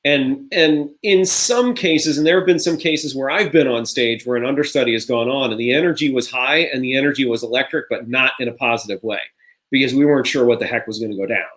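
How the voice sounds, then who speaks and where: A man's voice: medium pitch, brisk, fairly bright tone. A man hosting a cast reunion, reflecting in a rambling, casual way. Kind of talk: casual group reminiscing.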